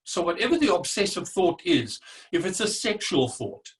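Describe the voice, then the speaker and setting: An older man giving a motivational talk on stress, emphatic and animated, acting out what the brain says, heard a little away from the mic. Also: sits high, normal speed. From South Africa. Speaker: speaker. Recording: distant from the mic.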